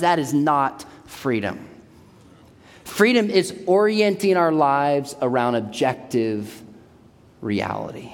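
Lively high-voiced man preaching in a hall. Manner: lively storytelling with jokes. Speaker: speaker. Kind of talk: sermon. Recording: long hall reverb.

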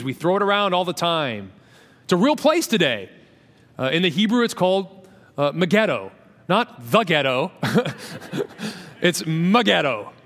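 A pastor preaching a sermon in a church, animated, calling on his congregation to answer and speak along, with joking asides. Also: high-pitched. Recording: long reverb of a large hall.

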